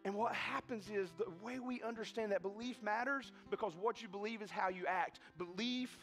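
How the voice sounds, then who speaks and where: Preacher guy, really high voice, animated, stumbles and restarts a lot, faint guitar in the back. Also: moderate pace. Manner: animated, repetitive restarts, acts out quoted voices. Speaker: pastor. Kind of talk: sermon with storytelling. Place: church sanctuary.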